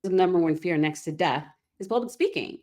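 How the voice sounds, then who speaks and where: A woman's voice: on the low side, lively intonation, brisk, a little mellow. A woman business coach, a podcast guest, talking in an upbeat, chatty way. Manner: upbeat and chatty, often laughs. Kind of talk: casual podcast interview.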